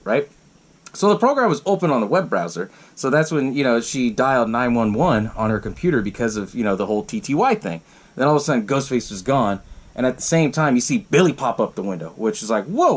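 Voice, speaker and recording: A man hosting a podcast, retelling a horror film in a casual, rambling way, swearing often, laughing, and acting out the characters' lines. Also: mid-range voice. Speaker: podcast host. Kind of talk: casual movie recap.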